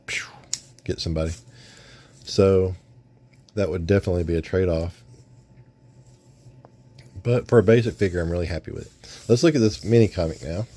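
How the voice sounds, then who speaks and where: Low, mellow-voiced male toy reviewer. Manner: relaxed, rambling with restarts. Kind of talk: casual unboxing review.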